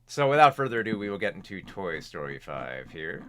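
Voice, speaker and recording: A man reviews movies in a loose, chatty way, often stopping to restart his sentences. His pitch moves up and down a lot as he talks. He records at home in front of a camera. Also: very animated, brisk, a bit bright. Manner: rambling, restarts sentences, laughs at himself. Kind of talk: casual spoken film review. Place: home recording setup with camera and big monitor.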